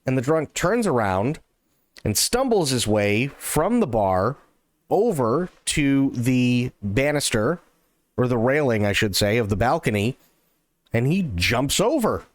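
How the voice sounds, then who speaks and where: A man streaming live, telling a long joke and thanking viewers in an excitable, animated way. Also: medium pitch, a little slow, no room sound.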